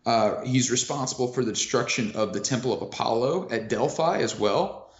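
A man's voice: medium pitch, moderate pace. Casual man explaining history, roomy lo-fi sound. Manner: casual, many fillers, swears, laughs easily. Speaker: podcast co-host. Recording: roomy lo-fi audio.

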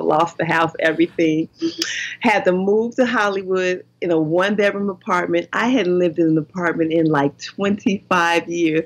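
An older woman with a lowish voice tells stories on a podcast. She is animated and laughs often, acting out her own reactions as she goes. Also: poor audio. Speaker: podcast guest. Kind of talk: casual storytelling interview.

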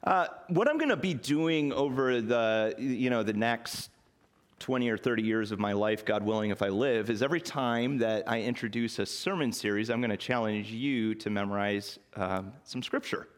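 A man's voice: mid-range voice, normal speed. Folksy man preaching a sermon. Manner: conversational and folksy, with light self-deprecating humor. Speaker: pastor. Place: church sanctuary.

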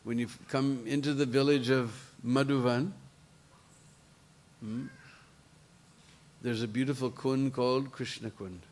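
A man telling a devotional story in an animated way, with chatty asides to his listeners. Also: mid-range voice, unhurried, pauses often.

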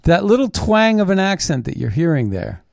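A man's voice: fairly high pitch, very animated, normal speed, gravelly, no echo, clean studio sound. A man hosting a political commentary show, reading news items and reacting in a blunt, scornful, combative way. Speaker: host.

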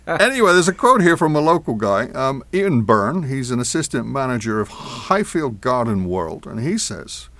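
A man sharing odd news in a casual chat, with a wry, dry humor. His voice moves a lot in pitch, and the recording is close and dead dry. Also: very animated, normal speed, a bit bright, no echo. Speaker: co-host.

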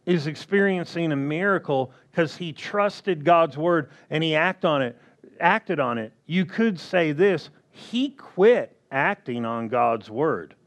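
Slow, emphatic male preacher. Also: fairly high pitch, lively intonation. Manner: slow, emphatic, asks the congregation questions. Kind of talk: sermon.

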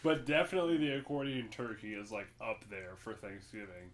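Young male co-host, relaxed, rambling podcast chat. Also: fairly low pitch, fairly quick. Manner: relaxed, rambling, laughs often. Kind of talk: casual chat.

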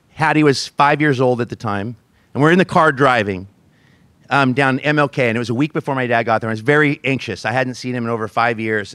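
Male pastor, forties, sermon storytelling, animated, medium pitch, dry. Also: dry recording. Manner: animated storyteller, laughs at himself, acts out quoted voices.

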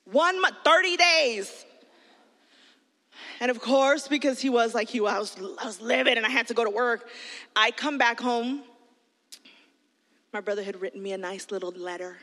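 A middle-aged woman pastor giving an animated, storytelling sermon to young people. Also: a little high, normal speed. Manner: animated storytelling, bursts into shouted quotes. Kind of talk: sermon to youth. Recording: long hall reverb.

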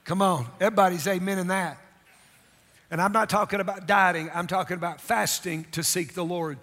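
A man's voice: sits high, steady tone, fairly quick, a bit bright. A middle-aged man preaching a sermon as pastor, emphatic and calling out to the congregation for responses. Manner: emphatic, calls for audience response. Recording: long hall reverb.

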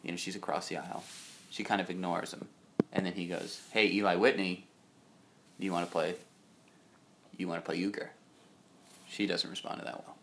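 A young co-host on a casual chat podcast tells a long, wandering anecdote, quoting others in his own voice. His low-pitched, slightly bright voice holds a steady tone at a moderate pace with frequent pauses. There's slight background noise.

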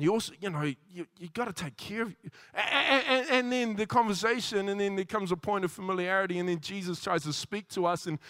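High-voiced, bright male preacher. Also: smooth, no room sound, clean studio sound. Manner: animated, acts out quoted dialogue with repeated restarts. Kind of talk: sermon.

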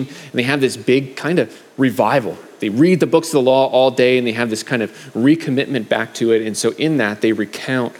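A middle-aged man giving a casual sermon with scripture readings, talking loosely with fillers and restarts. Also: medium pitch. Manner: conversational, frequent fillers and restarts. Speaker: preacher sharing a message. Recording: long hall reverb.

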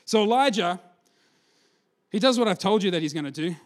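A male preacher with a slightly raised pitch, telling his story with animated energy. He acts out the characters' lines in passing and sinks to a soft, earnest tone for the appeal. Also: brisk. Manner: energetic storyteller, acts out quotes, drops to a hushed close. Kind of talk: sermon.

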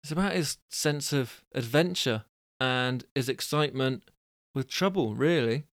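A male storyteller with a smooth, clear voice, reading stories aloud and breaking off for rambling, self-deprecating chats. The sound is close and dry, with no room echo. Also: medium pitch, unhurried, fairly bright tone. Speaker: storyteller and host.

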